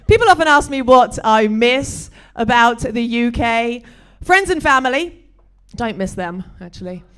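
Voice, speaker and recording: Dry British woman doing stand-up. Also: fairly high pitch. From Britain. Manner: dry, deadpan delivery with bawdy jokes. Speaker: stand-up comedian. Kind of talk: stand-up comedy set.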